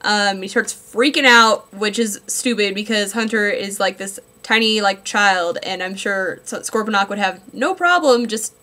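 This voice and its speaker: A woman's voice: medium pitch, unhurried, few pauses, bright, forceful tone. A woman giving a casual spoken comic book review, chatty and sarcastic, with lots of ums and likes.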